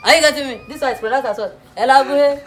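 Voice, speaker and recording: A woman's voice: high voice, fast talker. Woman lecturing in mock-serious tones. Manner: preachy, mock-serious lecturing with frequent laughs. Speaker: comic playing a teacher. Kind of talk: comedy classroom sketch.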